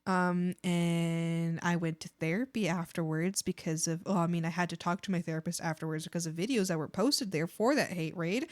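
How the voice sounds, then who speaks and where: A young adult woman who streams art chats casually with her viewers in a lowish, steady voice at normal speed. She rambles with many fillers and frequent giggles, hardly pausing.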